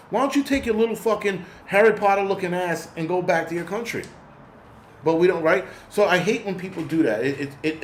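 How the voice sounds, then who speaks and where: A man's voice: fairly high pitch, slight background noise. Angry, profane man ranting in an echoey room. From United States. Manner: angry, profane, rambling with restarts. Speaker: host. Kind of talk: livestream rant.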